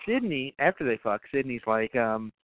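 This podcast co-host has a sing-song, mid-range voice at normal speed, rambling profanely through a horror movie recap with plenty of fillers and laughter. His audio is tinny and dry like a phone, with slight background noise.

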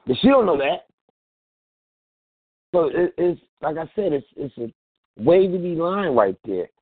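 A man talks in a blunt, slangy way and keeps slipping into quoted voices. His voice is a little husky. It comes through a narrow, phone-like line with a dry sound. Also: fairly high pitch, expressive, unhurried, dry recording. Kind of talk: casual talk radio commentary.

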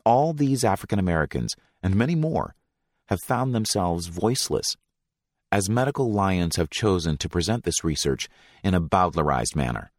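A man reading passages from a book aloud in a measured, deliberate way, giving weight to titles and names. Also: deep voice, very animated, no room sound, studio quality.

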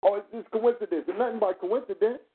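A man with a high speaking voice tells his story with swearing and acted-out back-and-forth, animated the whole way. The sound comes through a thin, phone-like radio line. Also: fast, a little hiss or hum. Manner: animated, profane, acts out dialogue. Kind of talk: casual radio talk, storytelling.

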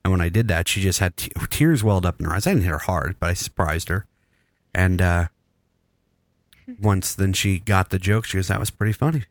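A man's voice: low voice, moderate pace, no room sound, studio quality. A man in his thirties hosting a podcast, telling a long story with crude jokes in casual chat. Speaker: podcast host.

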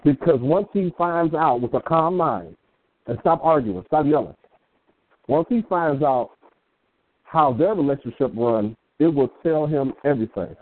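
A man co-hosting an internet radio show, talking in a deliberate, measured and emphatic way. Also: fairly high pitch, animated. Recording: tinny phone-like line.

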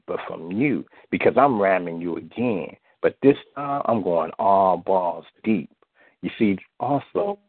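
A man reciting erotic spoken-word poetry in a slow, sensual way, often saying "you see", heard over a phone line. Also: lowish voice, dry recording. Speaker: guest poet. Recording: tinny phone-line audio, dry.

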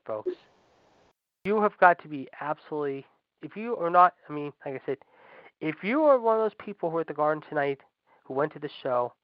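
Fired-up male podcast host, sarcastic and foul-mouthed, slightly high voice, dull lo-fi sound. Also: no room sound. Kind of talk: ranting commentary. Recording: dull lo-fi dry recording.

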